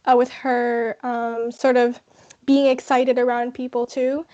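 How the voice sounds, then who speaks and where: A young woman, a university student, answering interview questions in a hesitant, halting way. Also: a little high, little pitch movement, a little mellow, lo-fi sound. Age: young adult. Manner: hesitant, halting with many pauses. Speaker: guest, university psychology student.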